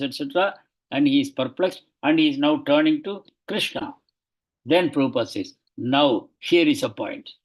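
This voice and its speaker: A man leads a devotional class, reading passages from a biography and stopping often to explain them. His voice sits a little high and sounds husky and breathy. He talks earnestly, hesitating now and then before pushing his points home with urgency. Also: low-quality recording. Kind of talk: lecture reading aloud from a biography with commentary.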